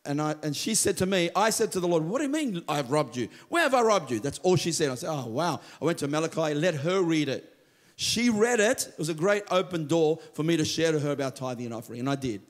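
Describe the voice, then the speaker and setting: A man preaching a sermon as pastor, telling stories with lively quoted voices. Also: fairly high pitch, fast. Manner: animated storytelling, acts out quoted voices. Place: church.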